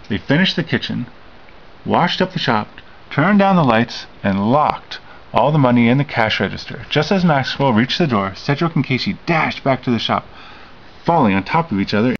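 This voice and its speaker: A man reading a children's picture book aloud to his child, with expressive storybook narration. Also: medium pitch. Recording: dull home recording with faint hiss.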